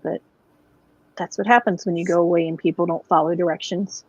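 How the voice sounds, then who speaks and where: A woman's voice: fairly low pitch, steady tone, fairly quick, slightly rough, no echo. A woman co-hosting a casual chat about knitting, talking in an easygoing, rambling way. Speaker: podcast co-host. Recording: dull, lo-fi sound.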